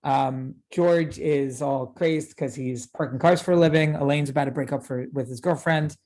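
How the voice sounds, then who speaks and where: A man's voice: a little high, normal speed, darkish tone. A man in his thirties, a rabbi giving a casual lecture, chatty and full of fillers and tag questions. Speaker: rabbi teaching a class.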